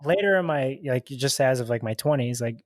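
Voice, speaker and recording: A man in his twenties from Chicago, a guest telling stories in a casual, animated way, full of "like" and "dude". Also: medium pitch, brisk, dry recording, studio quality. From Chicago, USA. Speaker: podcast guest, paintball player. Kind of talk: casual storytelling.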